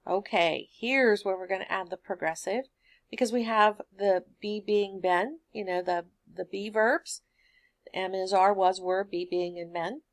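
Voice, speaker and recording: A woman teacher walks students through a recorded grammar lesson. Her voice sits at an ordinary middle pitch, and she explains each answer patiently at an even classroom pace. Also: measured pace.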